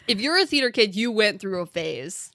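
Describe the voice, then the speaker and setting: A woman's voice: medium pitch, sing-song, moderate pace, sharp tone, no echo, studio quality. Congested young woman, stuffy voice. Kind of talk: casual group chat.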